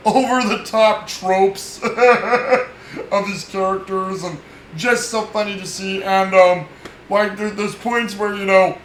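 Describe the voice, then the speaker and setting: A man's voice: high-pitched, bright, forceful tone, roomy sound, a little hiss or hum, poor audio. A man hosting a casual film review, rambling and chuckling between frequent fillers and restarts. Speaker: film podcast host.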